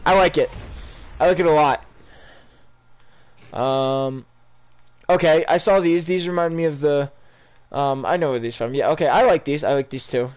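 A young man giving casual, rambling live reactions to video game items, excitable and full of ums. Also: a little high, moderate pace, long pauses, clean tone. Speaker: gaming YouTuber.

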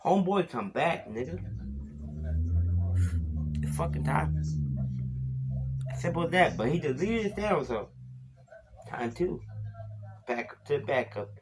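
A man in a rambling vlog, tipsy, cursing and insulting commenters, breaking into sudden loud yells. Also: a little high, expressive, moderate pace, long pauses, heavy background noise. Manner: slurred, profane and insulting, with sudden shouts. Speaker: beer vlogger. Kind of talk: rambling profane vlog rant.

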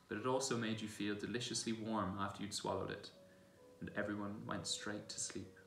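Man reading a storybook aloud in a church. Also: lowish voice. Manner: gentle storytelling. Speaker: reader. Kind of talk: reading a children's novel aloud. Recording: echoey church room, distant mic.

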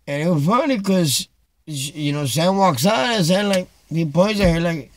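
A middle-aged man casually telling a funny story to his viewers, animated, dropping Spanish phrases and saying "man" a lot. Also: fairly high pitch, normal speed, no room sound. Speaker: vlogger. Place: Chicago.

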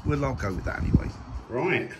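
A man's voice: mid-range voice, animated, normal speed, background noise. Jokey man chatting in his garden. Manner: jokey, self-mocking, chatty. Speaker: vlogger. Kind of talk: casual family vlog chat. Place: garden outdoors.

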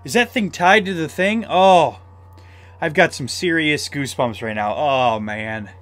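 A man playing a horror puzzle game as a let's-play, easily startled, yelling when scared and talking himself through the tense parts. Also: a little high, unhurried. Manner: excitable, shouts in fright, talks himself through scares. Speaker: gamer.

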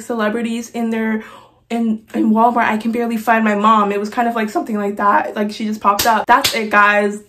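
A woman's voice: fairly high pitch, a bit bright. A young woman vlogger chatting animatedly through a casual story-time video with laughing asides.

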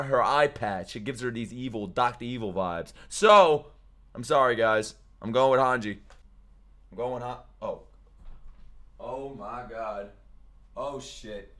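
A young man reacting on a stream in a mid-pitched voice, swearing freely. He swings from sudden loud outbursts down to low, mumbled asides, and talks in a loose, excitable way. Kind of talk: casual reaction commentary.

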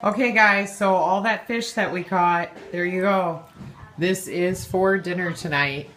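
A woman's voice: lowish voice, steady tone, measured pace. A woman, a mother, chatting casually and teasingly to viewers while filming her family at home and in a store on a handheld camera. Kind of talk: casual family vlog chat. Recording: handheld camera with background noise.

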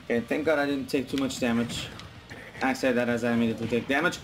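A man's voice: medium pitch, steady tone, fast, noisy background. A young man commentating on his own online matches, frustrated and swearing a lot as he rants. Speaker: gaming YouTuber. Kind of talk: gameplay commentary. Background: faint game music.

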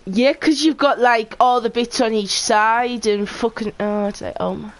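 A woman with a Geordie accent streaming a shooter game, chatting casually with friends and letting out excited exclamations. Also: fairly high pitch, moderate pace, low-quality recording. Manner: swears freely, excitable exclamations. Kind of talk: casual gameplay chat.

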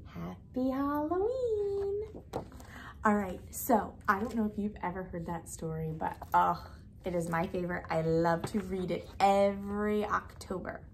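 A woman teacher reading a storybook aloud in an expressive, animated way. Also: fairly low pitch, moderate pace, slight background noise.

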